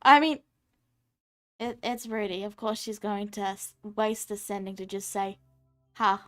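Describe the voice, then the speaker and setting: A woman's voice: mid-range voice, fairly even intonation, measured pace, a bit bright. Woman narrating a tabletop game. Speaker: game master.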